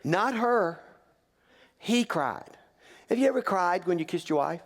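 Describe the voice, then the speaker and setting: A man's voice: high voice, animated, measured pace. A man preaching as a pastor, telling a story in a joking, conversational way and teasing the congregation. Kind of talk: humorous sermon storytelling. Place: church sanctuary. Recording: long reverb of a church hall.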